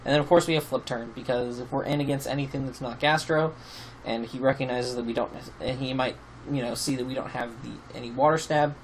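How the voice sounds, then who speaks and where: A man's voice: medium pitch, fairly even intonation, fairly quick, poor audio. Man, rambling casual game commentary, sleepy, faint background noise. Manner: rambling, many fillers and restarts, swears casually. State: sleepy, yawning. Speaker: YouTube team-building host. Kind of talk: casual commentary over gameplay.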